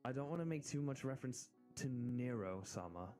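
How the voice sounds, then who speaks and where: An American man streaming, chatting casually and excitedly in rambling asides. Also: medium pitch, brisk, faint music behind. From United States. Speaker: VTuber streamer. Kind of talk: casual live-stream chat.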